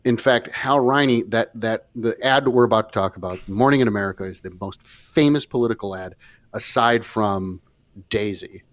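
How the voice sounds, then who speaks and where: A man co-hosting a casual podcast discussion, talking emphatically, cutting in on his partner and trailing off into low fillers. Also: normal speed, dry recording. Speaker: podcast co-host.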